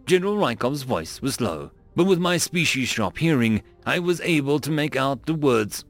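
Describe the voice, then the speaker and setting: A man narrating a science fiction story in first person with expressive storytelling. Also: mid-range voice, normal speed, few pauses. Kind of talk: scripted narration of a sci-fi story. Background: faint music.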